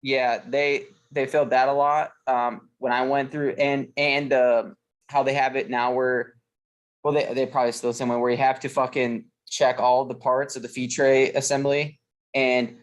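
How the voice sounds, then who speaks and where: A man chatting casually on a podcast, his voice sitting in an ordinary middle pitch. He tells stories in a loose, profane, rambling way, full of fillers and restarts. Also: little pitch movement, moderate pace. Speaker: podcast co-host. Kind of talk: casual chat.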